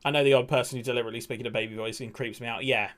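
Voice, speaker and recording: A man in his twenties, rambling and excitable while commentating a football management game he is streaming, swearing now and then. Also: mid-range voice, racing. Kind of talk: casual gaming commentary.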